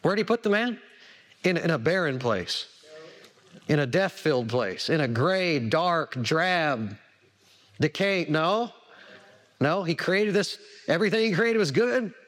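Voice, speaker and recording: A man's voice: on the high side, expressive, measured pace, pauses often, fairly bright tone. A man preaching a sermon, repeating words for emphasis and asking the congregation questions. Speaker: pastor.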